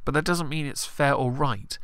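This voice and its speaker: A man's voice: medium pitch, normal speed, fairly bright tone, smooth, no room sound. A man giving blunt, sarcastic live-stream commentary on politics, swearing often.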